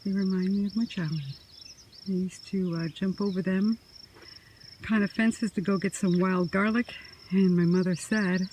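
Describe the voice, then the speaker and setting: A woman vlogging casually as she walks outdoors along a quiet country road, talking in a soft, musing way into a handheld phone. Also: lowish voice, fairly even intonation, slight background noise, low-quality recording. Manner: slow, soft-spoken, musing. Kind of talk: casual walking vlog. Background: faint crickets and birds.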